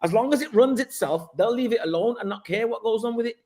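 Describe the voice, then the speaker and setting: A man's voice: extremely high pitch, animated, fast talker, a loud crowd. A man, a guest on a football chat show, pressing his argument and cutting in to hold his ground. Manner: persistent, interrupts to press his point. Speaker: guest pundit. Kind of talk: casual football debate.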